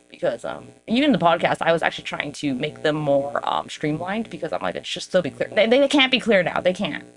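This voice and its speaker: A woman's voice: sits low, vocal fry, slight background noise. Lady podcaster rambling to her viewers, swears a lot, mocks herself. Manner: profane, rambling, self-mocking; talks straight to viewers. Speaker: podcast host. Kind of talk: casual rambling monologue.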